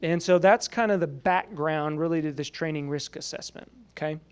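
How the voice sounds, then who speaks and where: A man's voice: on the high side, normal speed, clean tone. A man giving a conversational conference presentation to a room of colleagues, often saying "you know" and asking the audience questions. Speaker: presenter at a training summit.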